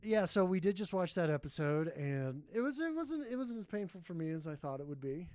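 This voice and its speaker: A man's voice: high voice, very animated, fairly quick, a little mellow, no room sound. A man guesting on a podcast in casual chat, laughing easily and poking fun at himself. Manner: laughing, self-deprecating.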